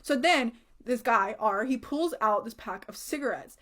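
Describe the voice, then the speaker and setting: A woman's voice: fairly high pitch, animated, moderate pace, a bit bright. A woman casually recounting a creepy story from a friend, talking loosely with lots of "like" and casual swearing. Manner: chatty, says "like" often, swears casually.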